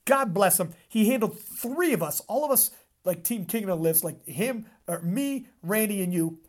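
A woman hosting a casual chat, telling a story in an animated way, swearing freely and acting out her own reactions. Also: mid-range voice, moderate pace. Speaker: podcast host and powerlifting commentator.

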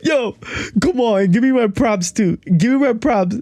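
A man hosting a podcast in casual chat, excitable and given to repeating himself. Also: very high-pitched, a little slow, no room sound. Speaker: podcast host.

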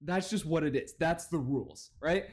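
On his comedy podcast, this male host rants and mocks, his speech full of profanity and frequent laughter. His voice sits a little high with a darkish tone, and he keeps a moderate pace.

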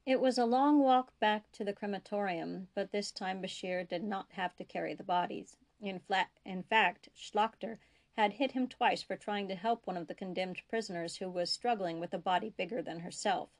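A woman reading her own fiction aloud in a steady, measured narration, dropping to soft whispers for tense dialogue. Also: medium pitch. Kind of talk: audiobook-style fiction reading.

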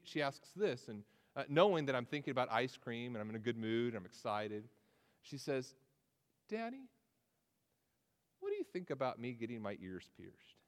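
Conversational male pastor in a reverberant hall. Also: medium pitch. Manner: conversational, repeats words when starting phrases. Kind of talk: sermon.

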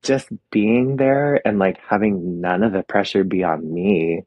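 A young adult man with a deep, slightly husky voice shares his story in a relaxed interview. He talks openly and with feeling. The sound is close and dry. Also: measured pace, no echo, dull audio. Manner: open, emotional storytelling with soft laughs. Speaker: guest, makeup artist. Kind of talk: casual interview.

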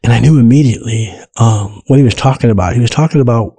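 A man telling his life story in a casual interview, animated and acting out the voices of people in it, laughing often. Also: medium pitch, fast talker, husky. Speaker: guest telling his testimony.

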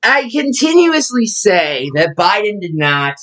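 A young adult commentator in a sarcastic, ranting monologue. The pitch swings widely from low mutters to sudden high jumps, and the delivery stays mocking throughout. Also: sing-song, unhurried, fairly bright tone, low-quality recording. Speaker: political commentator.

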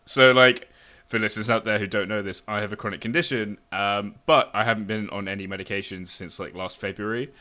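Enthusiastic co-host, low voice with bright edge, animated. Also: male voice, fairly quick. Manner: enthusiastic, expressive, many fillers. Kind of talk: casual chat.

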